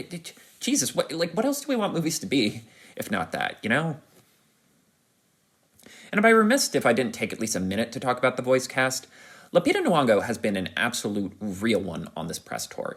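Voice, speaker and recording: A podcast host with a lowish, breathy voice delivers an enthusiastic film review that rambles, full of restarts and fillers. His manner is animated and climbs to excited peaks.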